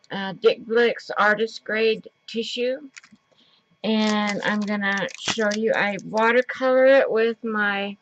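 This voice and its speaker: A woman's voice: mid-range voice, a little hiss or hum. A woman vlogging a casual craft tutorial from her home craft table, chatting in a rambling way with lots of fillers, recorded on the camera mic. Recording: dull lo-fi sound.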